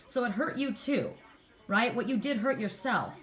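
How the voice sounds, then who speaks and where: A woman's voice: on the high side, normal speed, fairly bright tone. Impassioned woman giving a tarot reading. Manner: impassioned, talks straight to viewers, repeats words. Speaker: tarot card reader. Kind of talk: spiritual card reading monologue.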